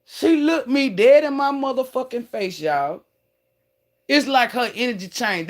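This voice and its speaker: A woman telling a profane, animated story straight to her viewers, calling them "y'all" and "baby", with emphatic outbursts. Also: fairly high pitch, unhurried. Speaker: online creator.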